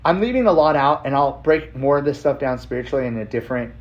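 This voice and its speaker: Male podcast host, mid-pitched, casual and profane storyteller, recorded with dull lo-fi audio. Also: expressive, quick pace. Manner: loose and profane, with frequent "like" fillers.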